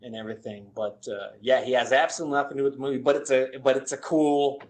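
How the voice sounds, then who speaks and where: A man co-hosting a horror film podcast, retelling scenes in a rambling, halting way in casual chat. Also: medium pitch, fairly even intonation. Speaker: podcast co-host reviewing horror films.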